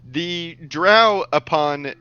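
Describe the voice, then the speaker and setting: A man narrating as game master of a tabletop game, slow and unhurried, with frequent ums and laughs. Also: on the high side, sharp tone, smooth, dull audio, soft background music.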